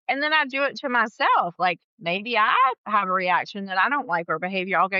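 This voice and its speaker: A woman talking casually as a podcast guest, chatty and quick to laugh, with lots of "like" in her speech. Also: medium pitch, dry recording, lo-fi sound. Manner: chatty, laughs often, fillers like "like". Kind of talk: casual chat.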